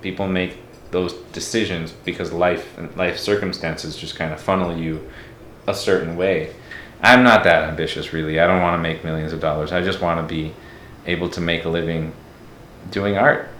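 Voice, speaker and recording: A man's voice: sits low, fairly bright tone, roomy sound, a little hiss or hum. A man from Mexico talking as a podcast guest, reflective and candid in a casual interview.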